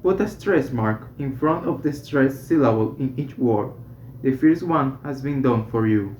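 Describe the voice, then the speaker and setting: A student slowly reading a medical English textbook aloud, correcting small slips along the way. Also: medium pitch, lively intonation, darkish tone, slight background noise. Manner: slow, careful reading with self-corrections. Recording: roomy, slightly dull home recording.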